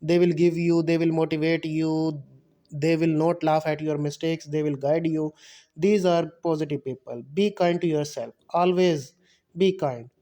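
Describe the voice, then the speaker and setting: A man teaching a spoken English lecture over slides, halting and often correcting himself as he explains. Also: on the high side, fairly even intonation, mellow. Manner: halting, self-correcting, repeats words while explaining.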